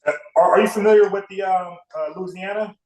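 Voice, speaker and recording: A man's voice: high voice, fairly even intonation, a little fast, a little mellow. A man from South Carolina hosting a livestream, talking bluntly and profanely, repeating words when he gets fired up. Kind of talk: casual heated debate.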